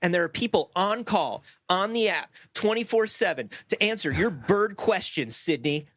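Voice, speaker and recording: A man's voice: high voice, expressive, moderate pace, a bit bright, dry recording, studio quality. A man co-hosting a podcast in a casual, comedic chat, playful and jokey, acting out quotes as he talks. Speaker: podcast co-host.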